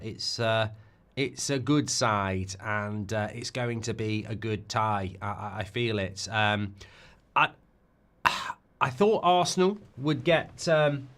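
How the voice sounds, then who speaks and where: A middle-aged man hosting a live football watchalong, talking in a rambling, excitable way and often repeating and restarting his words. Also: medium pitch. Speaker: host.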